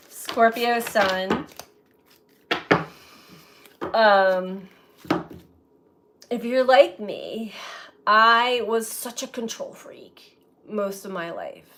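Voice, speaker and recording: A woman tarot reader reflecting aloud in a slow, musing way, often breaking into light laughter. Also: on the high side, noisy background. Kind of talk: spiritual reflection to camera.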